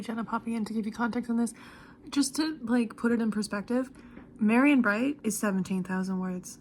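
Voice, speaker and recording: A woman author vlogging from home late at night in casual chat, talking freely, swearing often and giggling between thoughts. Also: fairly low pitch.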